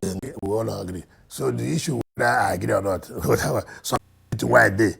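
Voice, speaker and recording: Gravelly Nigerian man, emphatic interviewee. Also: fairly low pitch, brisk. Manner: emphatic, lively, swings between loud and quiet. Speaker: state governor, interviewee. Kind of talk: forceful interview answers.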